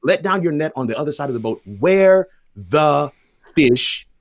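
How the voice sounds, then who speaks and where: A man's voice: fairly high pitch, animated, moderate pace, no room sound. Man giving a sermon-like point on a livestream. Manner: builds to a sermon-like point with repeated phrases. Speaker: panel guest sharing a faith message. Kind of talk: live-streamed panel talk.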